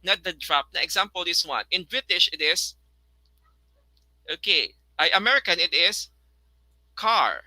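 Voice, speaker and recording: Bright, high-voiced Filipino male teacher. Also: no echo, low-quality recording. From Philippines. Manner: mixes English with Tagalog, repeats words slowly to model pronunciation. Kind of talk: online lesson.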